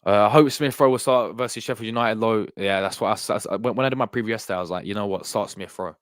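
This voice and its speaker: A man's voice: on the low side, rapid-fire, no echo. Rambling young man, dry sound. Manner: rambling, repeats himself, talks to chat. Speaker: live stream host. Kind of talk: casual live-stream chat.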